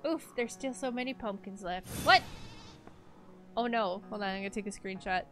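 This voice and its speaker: A woman's voice: mid-range voice, normal speed, a bit bright, soft background music. A woman streaming a video game, chatty and giggly, talking to her viewers. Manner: chatty, giggly, talks to chat. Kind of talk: casual game livestream commentary.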